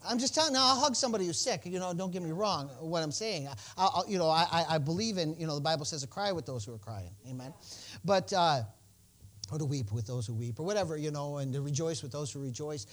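A male pastor preaching a sermon in a folksy, joking manner, dropping to soft asides and rising to bold, loud declarations. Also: on the high side, lively intonation, fast.

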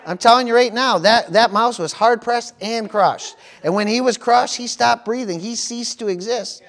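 High-voiced preaching pastor, call-and-response. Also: male voice, normal speed, a bit bright, a faint crowd. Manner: call-and-response preaching, frequent "praise the Lord" and "amen". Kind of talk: sermon.

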